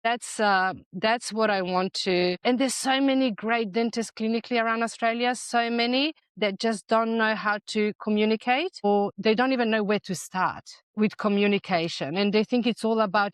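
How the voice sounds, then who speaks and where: Middle-aged woman, podcast guest; persuasive, emphatic delivery, medium pitch, close dry sound. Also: normal speed, few pauses, clear, resonant tone, dry recording. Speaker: guest, dental practice management consultant. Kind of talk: conversational interview.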